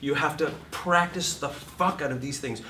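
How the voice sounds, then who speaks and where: Animated, profane male acting teacher. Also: fairly high pitch, normal speed, distant mic, a little hiss or hum. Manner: profane, acts out voices and shouts mid-talk. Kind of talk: animated lecture acting out scenes. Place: lecture room. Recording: echoey room, heard from off mic.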